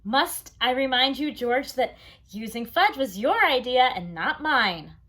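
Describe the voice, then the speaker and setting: Woman as patient father, calm, measured, lively voice. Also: a little high, pitched above the performer's own voice.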